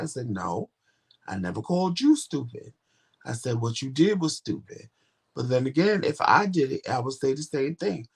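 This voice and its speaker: A man's voice: medium pitch, lively intonation, moderate pace, creaky, husky. A man co-hosting a casual couple's chat show, talking directly and animatedly, acting out quoted back-and-forth dialogue. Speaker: co-host.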